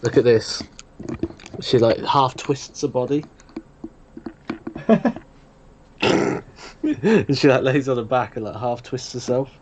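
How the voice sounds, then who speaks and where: A man's voice: mid-range voice, expressive, slow, long pauses, noisy background. A man hosting a casual live watch-along stream, chatting easily and thanking viewers for their donations. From England. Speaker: host.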